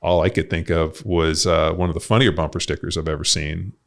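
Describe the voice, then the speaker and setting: A middle-aged man hosts a casual podcast, his very deep voice rough with gravel. He tells stories with a joker's timing and laughs easily at his own lines. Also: fairly even intonation, brisk. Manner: joking storyteller, laughs often. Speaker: podcast host.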